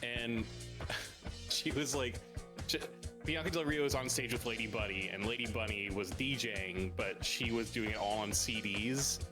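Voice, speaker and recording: Guy rambling through a funny story on stream, restarts a lot, music going loud behind him. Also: mid-range voice, moderate pace. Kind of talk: casual chat.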